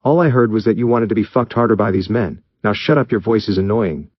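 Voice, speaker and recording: A man voicing a cold, menacing young male ninja who talks in a calm, mocking, commanding way. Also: fairly low pitch, fairly quick, no room sound, highs cut off, close to an everyday voice.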